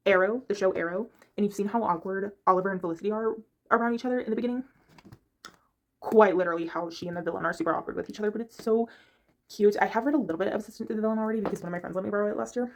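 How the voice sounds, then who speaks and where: A woman's voice: medium pitch, a little mellow. Chatty, rambling woman reviewing books. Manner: chatty, rambling, gropes for words. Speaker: book reviewer. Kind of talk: casual chat. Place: her bedroom.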